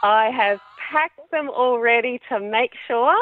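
A woman's voice: a little high, measured pace, slight background noise. Upbeat woman calling in by phone. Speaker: caller. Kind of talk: casual chat. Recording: tinny phone line with faint music.

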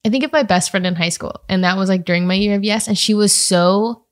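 A woman's voice: mid-range voice, fairly even intonation, fairly quick. Giggly woman chatting on a podcast. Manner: rambling, giggly, thinks aloud. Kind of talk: casual podcast chat.

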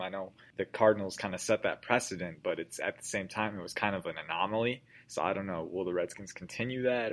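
A man with a notably deep, low voice hosts a casual sports podcast. He talks in loose, rambling runs full of "like" and restarts. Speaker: podcast host.

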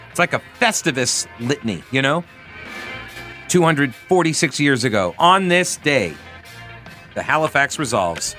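Animated talk radio host, bright voice. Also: male voice, mid-range voice, normal speed, soft background music. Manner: animated, reads history aloud with mock grandeur.

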